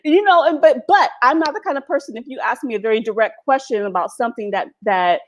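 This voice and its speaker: A very animated American woman with a high, slightly bright voice speaks at a moderate pace while hosting a live stream. She rants candidly, brashly and profanely to viewers, laughing often, all recorded at home on a laptop's built-in mic.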